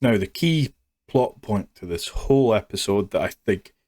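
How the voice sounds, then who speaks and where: A man's voice: fairly low pitch, animated, moderate pace, a little mellow, no room sound. A man reviewing a show in a sarcastic, mocking rant. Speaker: YouTube reviewer. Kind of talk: ranting review.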